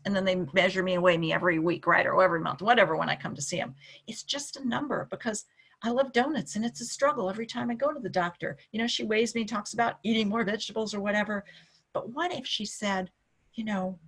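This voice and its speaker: A woman's voice: mid-range voice, fast, a bit bright. A middle-aged woman giving a conversational webinar on coaching, talking through slides with many fillers and restarts. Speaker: wellness coaching trainer.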